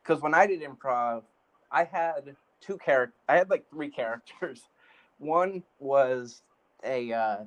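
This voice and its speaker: A man's voice: medium pitch, slow. A male podcast host chatting casually, rambling with constant fillers of "like". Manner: rambling, heavy use of "like".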